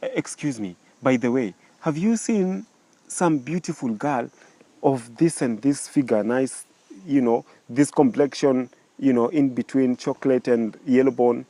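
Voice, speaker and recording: A man voicing a doubtful, disgusted man who speaks low and haltingly. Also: warm tone, dry recording, natural voice. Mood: reluctant.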